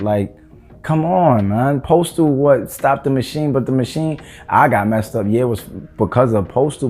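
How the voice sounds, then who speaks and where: A man's voice: mid-range voice, lively intonation, normal speed, a little mellow. A man ranting heatedly about boxing rankings in a vlog, cursing and exasperated, with rhetorical questions. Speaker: boxing commentator.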